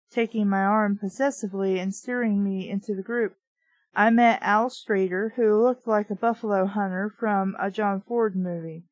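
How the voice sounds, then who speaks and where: A woman's voice: medium pitch, no echo, low-quality recording. Woman reading aloud with wry asides. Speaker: book reviewer reading aloud. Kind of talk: reading aloud with comic commentary.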